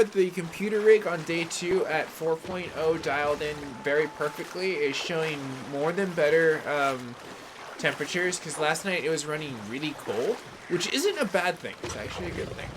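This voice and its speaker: This man's voice is slightly high and expressive, delivered at a normal speed over a noisy background. He's a gaming livestreamer from California's San Francisco Bay Area, chatting loosely about the game he's playing and greeting chat viewers by name.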